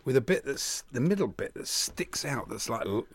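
Amused radio co-host. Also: male voice, medium pitch, big pitch swings, moderate pace, slightly rough. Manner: amused, laughs often, reads out news items. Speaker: radio sports show co-host. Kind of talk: casual radio banter. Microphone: studio microphone.

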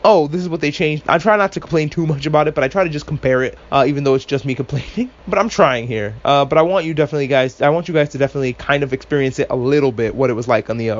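A man's voice: medium pitch, muffled recording. A man hosting a casual podcast recap, talking with animation, swearing freely and tossing in sarcastic asides. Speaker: podcast host.

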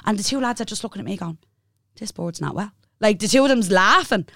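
A young Irish woman co-hosting a podcast, telling a story in a sweary, animated way and imitating the people in it. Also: mid-range voice, fairly quick, gravelly, no room sound, studio quality. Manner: sweary, animated, playful impressions of others. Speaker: podcast co-host. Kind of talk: casual storytelling chat.

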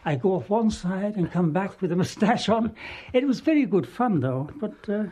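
A man's voice: sits high, animated, moderate pace, dark tone. A man recalling his time with a small touring theatre company, in an amused, rambling way. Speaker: retired touring actor. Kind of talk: anecdotal storytelling.

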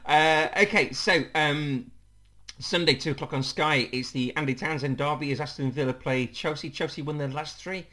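A man's voice: a little high, normal speed, sharp tone. A man hosting a casual podcast chat. He is chatty and laughs often. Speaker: podcast host.

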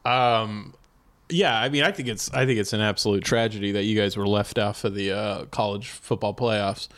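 A man's voice: on the low side, steady tone, normal speed, a bit bright. A man co-hosting a comedy podcast, introducing a game segment in a playful, upbeat way. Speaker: podcast co-host. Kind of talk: casual comedy podcast banter.

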